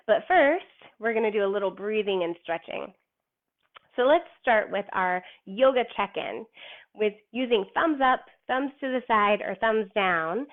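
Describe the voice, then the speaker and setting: A young woman teaching yoga to children and reading them a story in an encouraging, sing-song way. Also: mid-range voice. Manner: encouraging, slow and sing-song when cueing poses. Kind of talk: gentle yoga instruction and storybook reading for kids. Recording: tinny phone-like sound.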